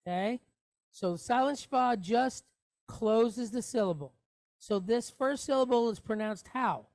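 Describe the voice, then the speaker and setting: Slow, patient woman teaching. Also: fairly high pitch, darkish tone, no echo, clean studio sound. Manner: patient step-by-step explaining, asks the class questions. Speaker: Hebrew teacher. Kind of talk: classroom lesson.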